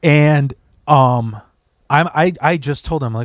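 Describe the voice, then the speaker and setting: A man's voice: medium pitch, unhurried, no room sound, clean studio sound. A young man hosting a podcast, telling a story in blunt, profane, casual chat and slipping into mimicry of other people. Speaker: podcast host.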